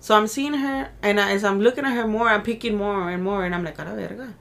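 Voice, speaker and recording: A woman's voice: mid-range voice, fast talker, a bit bright. A woman co-hosting a podcast from Mexico, telling a story in casual chat and mixing English and Spanish with swearing. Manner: code-switches between English and Spanish, swears freely. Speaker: podcast co-host.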